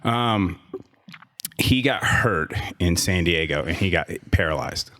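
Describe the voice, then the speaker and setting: Very low-voiced man telling a rambling story. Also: lively intonation, slow, fairly bright tone. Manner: rambling, self-interrupting, sarcastic asides with laughs. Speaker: podcast guest, gym owner and coach. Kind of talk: casual storytelling interview.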